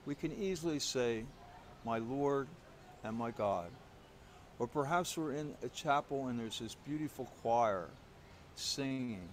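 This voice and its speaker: Guy preaching at mass, chatty self-deprecating storyteller, middle pitch, bit of faint hiss. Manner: self-deprecating storyteller, conversational with frequent restarts. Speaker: priest. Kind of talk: homily. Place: church.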